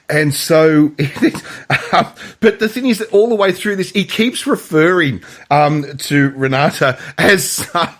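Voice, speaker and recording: A man's voice: fairly high pitch, lively intonation, slow. Rambling, stammering male podcast co-host. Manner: rambling, many restarts and stammered repeats; laughs often, mimics film lines in a raised voice. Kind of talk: casual film chat.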